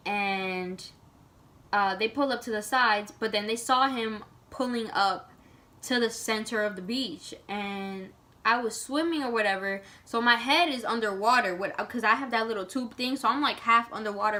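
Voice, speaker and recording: A woman vlogger telling a story to camera in a casual, animated way, full of "like" and dramatic retelling. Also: a little high.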